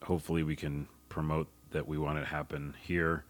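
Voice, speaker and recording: A man's voice: very deep voice, little pitch movement, fairly quick. A young man hosting his own podcast alone, talking casually and rambling with offhand swearing. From United States. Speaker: podcast host. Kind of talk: casual solo podcast talk.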